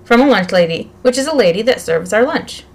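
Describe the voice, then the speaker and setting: An earnest, helpful schoolboy explains things politely and eagerly, as a woman reads him aloud. His voice is light and a little higher than a plain reading voice. He sounds like a storybook boy. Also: expressive, a little fast.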